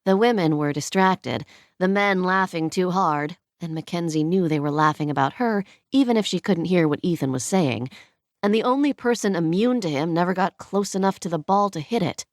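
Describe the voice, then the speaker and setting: Brief: audiobook narrator, woman, low pitch, steady scripted reading. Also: moderate pace, dry recording, studio quality.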